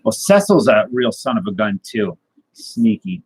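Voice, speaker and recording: A man hosting a casual live stream, rambling through a deadpan tall tale and chatting with viewers. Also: on the low side, unhurried, over music, poor audio. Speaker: host.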